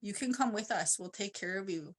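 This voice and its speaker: A woman voicing playful, gentle little people spirits in a soft, reassuring way. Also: medium pitch, fairly quick, lightly acted.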